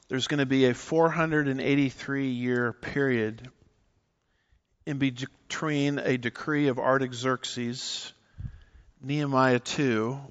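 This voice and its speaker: Preacher, male, mid-pitched, emphatic teaching delivery, slightly dull recording. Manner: animated, emphatic teaching with scripture references. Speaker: pastor. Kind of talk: sermon.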